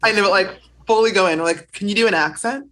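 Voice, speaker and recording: A woman's voice: mid-range voice, fast talker, a bit bright, rough recording. A woman co-hosting a podcast, chatty and teasing in casual talk. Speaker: podcast co-host.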